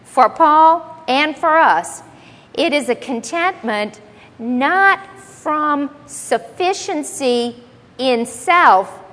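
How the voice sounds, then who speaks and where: A woman's voice: high voice, lively intonation, drawn-out words, fairly bright tone, big-room sound. A woman teaching the Bible to a congregation, emphatic and explaining word by word, often asking the audience questions.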